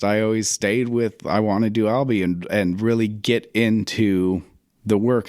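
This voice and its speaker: In a casual interview, a writer and theater director tells reflective stories, performing his own past remarks as he recalls them. His voice is on the low side and a little mellow, captured dry with clean studio sound.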